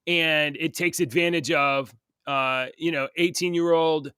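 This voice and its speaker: A man's voice: a little high, steady tone, measured pace, pushed and bright, smooth, no echo, clean studio sound. A man co-hosting a casual chat, hesitant and full of fillers as he builds his point. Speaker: co-host.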